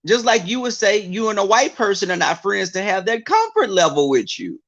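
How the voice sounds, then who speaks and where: A man chatting casually to his viewers, telling stories in an animated way and breaking into mocking impressions of others. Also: sits high, normal speed, muffled recording.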